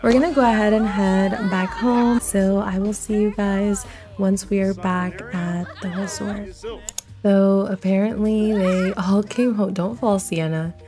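A woman's voice: mid-range voice, fairly even intonation, measured pace, dark tone, soft background music. A young woman hosting a let's play, giving casual commentary that gushes and giggles over her game. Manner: gushing, giggly, playful.

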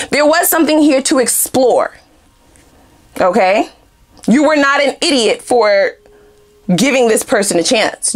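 A woman tarot reader talks through a casual reading, animated and profane, often laughing. Her voice sits fairly high and leaps around expressively in pitch.

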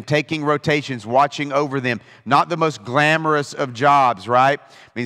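A male pastor teaches a relaxed Bible study and talks to viewers at home, restarting his phrases now and then. His voice sits at a middle pitch. Long reverb trails behind his words in the room. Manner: conversational, with repeated restarts.

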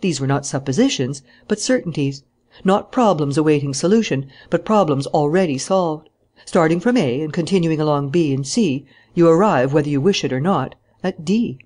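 In a calm, steady storytelling manner, an audiobook narrator reads scripted material. The voice sits at a middle pitch, moves at normal speed, and stays even throughout.

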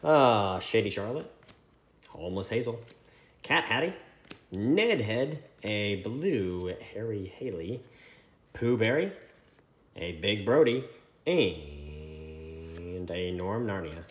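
A man hosting a trading card break, reading out card names in a running list with quick asides. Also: on the low side, expressive. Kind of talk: casual card-opening commentary. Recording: echoey room with faint noise.

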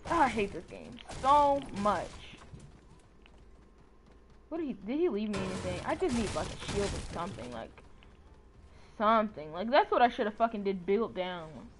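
A woman's voice: medium pitch, expressive, moderate pace, pauses often, a little hiss or hum. A young woman giving casual, profane commentary while streaming a game, often exasperated and talking to her chat. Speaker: gamer streamer.

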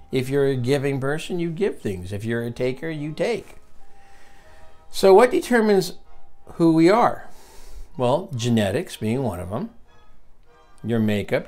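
A man's voice: mid-range voice, a little mellow. Emphatic man teaching a leadership seminar. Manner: emphatic, repeats key lines and asks the listener questions. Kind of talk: virtual leadership seminar reading from a book.

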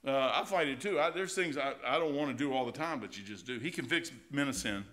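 A man's voice: mid-range voice, fast talker. A middle-aged American man preaching an informal, folksy sermon as pastor, full of anecdotes and asides. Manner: folksy and animated, keeps saying "man", tells anecdotes. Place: church sanctuary.

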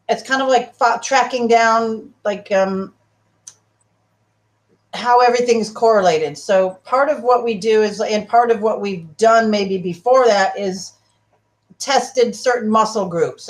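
A woman, a talk show guest and health practitioner, explaining her work in a casual way and acting out talks with clients. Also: a little high. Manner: animated, acts out client dialogues.

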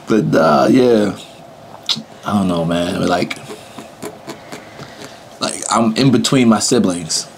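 A man's voice: lowish voice, slight background noise, rough recording. Laid-back young man, loose slangy talk. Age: young adult. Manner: loose and slangy, laughs often. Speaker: interviewee. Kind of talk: casual chat.

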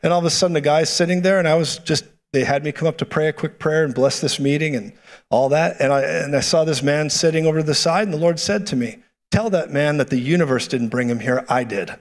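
A man preaching a sermon, telling stories animatedly and then speaking prophetic declarations more softly. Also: fairly high pitch. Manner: animated storytelling, quick asides and laughs; prophetic declarations, softer and slower. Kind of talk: sermon with storytelling.

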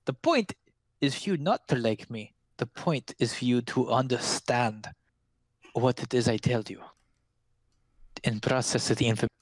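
A man's voice: mid-range voice, dry recording, lightly acted, low-quality recording. A man doing Madam Eva, cryptic old seer woman. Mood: stern. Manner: slow, theatrical, ominous pronouncements. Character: old female fortune-teller seer, cryptic, cackling.

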